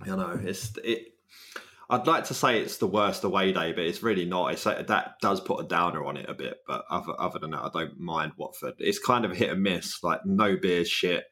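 Deep-voiced man joking around. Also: moderate pace, pushed and bright. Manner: laughing, swearing banter. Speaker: podcast host. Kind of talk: casual podcast chat.

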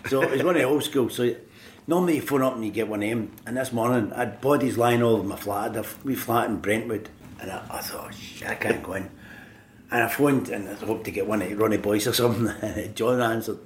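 A man's voice: mid-range voice, quick pace. Older man, Glaswegian accent, laughing storyteller, echoey room, faint noise. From Scotland. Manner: laughing storyteller, acts out voices in quotes. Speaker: guest, former footballer. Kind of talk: anecdotal interview.

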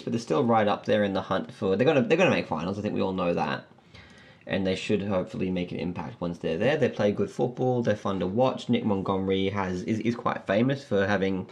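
A man hosting a casual sports podcast, chatty and full of questions. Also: fairly low pitch. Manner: chatty, laughing, asks questions. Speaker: podcast host.

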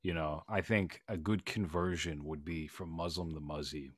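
A man co-hosting a podcast in casual banter, with a deadpan, mock-serious, drawn-out way of talking. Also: very deep voice, dry recording. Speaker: podcast co-host.

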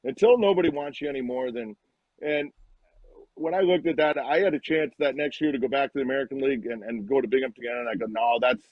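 A man in his fifties, a retired hockey player, telling lively anecdotes as a guest and acting out the lines people said. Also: mid-range voice, fast talker, dry recording, dull audio. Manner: animated anecdotes, acts out quoted lines. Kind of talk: casual storytelling on a live show.

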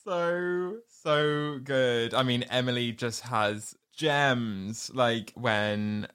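A man co-hosting a casual film chat, enthusiastic and quick to laugh. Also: mid-range voice, a bit bright, clear, resonant tone. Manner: enthusiastic, laughing, loose fillers. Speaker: podcast co-host.

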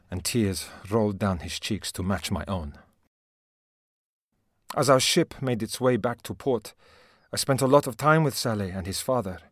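A man's voice: fairly low pitch, dry recording, clean studio sound. A man reading a heartfelt first-person story as scripted narration, with an emotional manner. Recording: narration over music.

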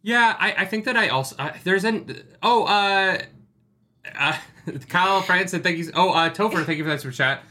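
A man's voice: sits high, moderate pace, bright, forceful tone. A man co-hosting a casual book discussion stream, rambling and joking with many fillers and restarts. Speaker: podcast co-host.

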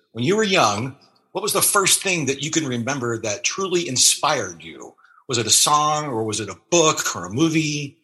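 A man's voice: mid-range voice, sharp tone, slightly rough. A man hosting a podcast, rambling and effusive, his voice worn out after several interviews that day. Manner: rambling, effusive, laughs often. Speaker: podcast host. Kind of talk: casual interview chat.

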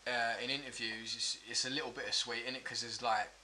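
A man's voice: mid-range voice, flat delivery, fast, bright, forceful tone, a little hiss or hum. A man co-hosting a podcast in casual chat, chatty and often laughing along.

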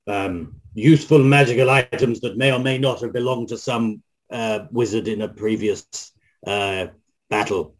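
A man's voice: lowish voice, moderate pace. A man playing a tabletop game with his game master, wry and joking. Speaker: player.

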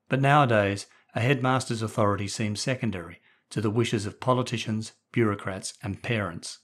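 A man reading a story aloud in measured, steady narration. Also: on the low side. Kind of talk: scripted audiobook narration.

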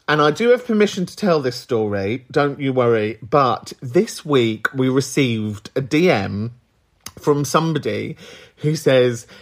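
A man hosting a podcast, teasing and giggling as he answers a caller's story. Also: medium pitch. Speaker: podcast host. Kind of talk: casual podcast chat.

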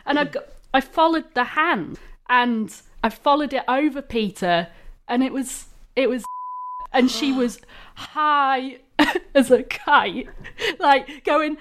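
A woman's voice: sits high, animated, moderate pace, fairly bright tone. A young woman from England telling a funny anecdote in casual chat, acting out quotes and laughing. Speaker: guest storyteller.

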